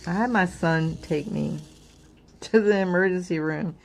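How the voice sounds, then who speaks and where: A woman's voice: on the low side, a little slow, vocal fry, a little mellow. A middle-aged woman hosting a crafting channel, chatting casually and candidly with lots of fillers. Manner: candid, rambling, many fillers. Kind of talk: casual personal chat.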